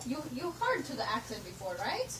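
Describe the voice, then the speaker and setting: A woman's voice: a little high, huge pitch swings, a little fast, a crowd in the background. A young woman putting on a giggly foreign-accented persona in broken English, filmed at home. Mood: playful. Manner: broken grammar with stray "to the", giggly. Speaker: roommate. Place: home room. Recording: noisy home video from a distance.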